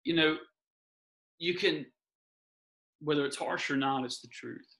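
Bright-voiced man giving earnest encouragement. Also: fairly high pitch, a little slow, creaky, rough recording. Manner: encouraging, repeats key phrases. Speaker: guest. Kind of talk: earnest faith talk.

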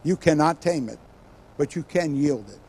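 An older man preaching a sermon as a guest speaker, telling stories with animated bursts and quiet asides. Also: on the high side, moderate pace, husky. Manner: animated storytelling, acts out quoted voices with sudden loud bursts and quiet asides.

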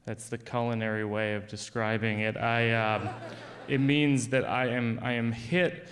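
A man telling a long comic story on stage, with a dry, wry, deadpan delivery. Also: mid-range voice, measured pace, smooth. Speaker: comedian. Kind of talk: stand-up storytelling.

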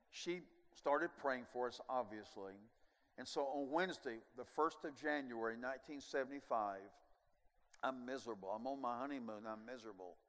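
An older man preaching a sermon, telling a personal testimony as an animated storyteller who swings from hushed to loud with chuckling asides. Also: mid-range voice. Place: large church sanctuary. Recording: long reverb of a large sanctuary.

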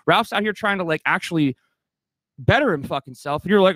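A man's voice: on the high side, fast talker, fairly bright tone, no echo. A man ranting heatedly as a livestream guest, swearing a lot and restarting his sentences. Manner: profane, agitated, rambling with many restarts.

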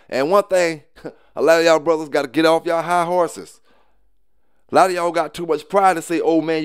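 A man with a drawl speaks off the cuff to his viewers in a high, smooth, resonant voice. He rambles, repeats his points, laughs briefly, and lectures his peers bluntly. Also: dry recording, clean studio sound. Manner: loose, repetitive, often asks "you know what I'm saying"; blunt and preachy, with short laughs. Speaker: dog kennel owner. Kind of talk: casual to-camera talk.

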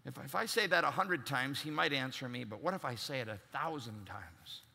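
A man's voice: medium pitch, expressive, a little fast, vocal fry, sharp tone. A man preaching a sermon as pastor, emphatic and acting out the voices he quotes. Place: large church. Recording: long reverb in a large church.

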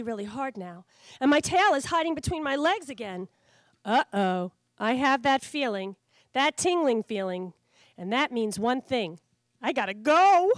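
Animated woman reading a children's book. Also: on the high side, dry recording. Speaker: children's author. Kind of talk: storybook reading aloud. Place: public library.

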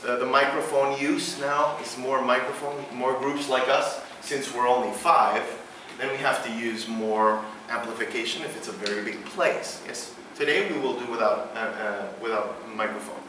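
In a big, very echoey hall, a man with a mid-range voice runs a vocal workshop, his Venezuelan Spanish accent coloring hesitant English full of fillers, now and then singing syllables. The distant room microphone also picks up background noise.

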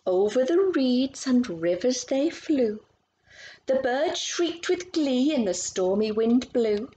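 A woman reading a picture book aloud to children, expressive and stopping to ask about the pictures. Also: high voice, slow pace, dull audio, slight background noise. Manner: expressive, asks listeners questions about the pictures. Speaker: storytime reader.

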